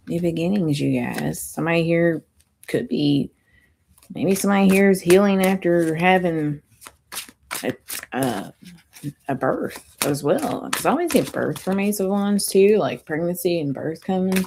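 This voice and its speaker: A woman doing a chatty, rambling tarot reading, her voice going hoarse. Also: on the low side, expressive, a little slow, long pauses, noisy background. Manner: chatty, rambling, self-interrupting. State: losing her voice. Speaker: tarot reader.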